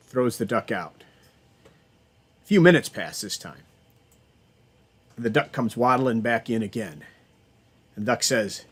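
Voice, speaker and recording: A man's voice: lowish voice, moderate pace, pauses often. A man giving a remote college lecture over a video call, chatty, often restarting his sentences and telling corny jokes.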